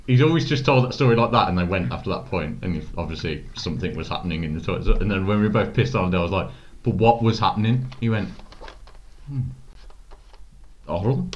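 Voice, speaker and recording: A man's voice: on the low side, expressive, brisk, a crowd in the background. A man, a podcast host telling a story in casual, sweary chat and laughing often. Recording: dull, noisy recording.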